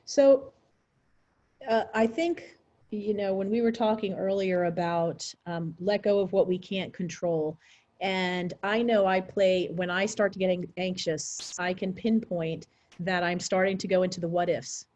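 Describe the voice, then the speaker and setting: A woman's voice: on the low side, fairly even intonation, unhurried, a little mellow. A woman hosting a conversation who speaks candidly and chattily, laughing easily. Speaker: host. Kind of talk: casual conversation. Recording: dull lo-fi sound.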